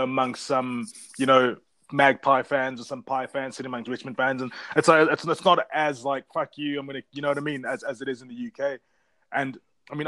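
A man's voice: medium pitch, a bit bright, no room sound. A man from Africa, telling stories in casual, profane chat as a podcast co-host. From South Africa. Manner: rambling, profane storytelling.

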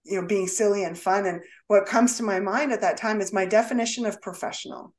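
A woman educator speaks as an interview guest in a medium-pitched, everyday voice. She sounds earnest and reflective, often stretching out her phrases as she thinks aloud. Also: brisk, a little mellow. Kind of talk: conversational interview.

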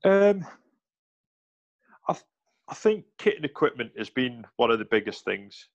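A man, a former soldier, telling animated anecdotes in a casual interview, slipping into quoted voices and restarting his sentences. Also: mid-range voice, measured pace, creaky, no room sound, highs cut off.

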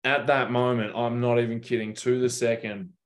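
A man's voice: mid-range voice, flat delivery, normal speed. A young Australian man telling stories in a casual interview, laid-back and slangy with plenty of swearing. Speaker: guest basketball player.

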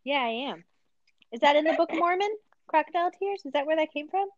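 A woman co-hosting a podcast in casual chat, reacting often with lively exclamations. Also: high voice, quick pace, dry recording, muffled recording. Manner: reactive, animated, frequent exclamations. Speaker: podcast co-host.

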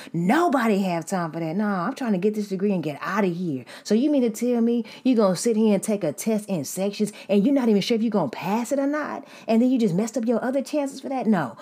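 A woman's voice: mid-range voice, darkish tone, slightly rough, voice pushed up. A woman voicing a brash, self-assured young woman classmate who scoffs emphatically.

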